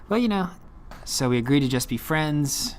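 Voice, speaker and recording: A man's voice: fairly high pitch, expressive, moderate pace, slight background noise. A young man from California casually telling a story about himself, self-deprecating and rambling with fillers.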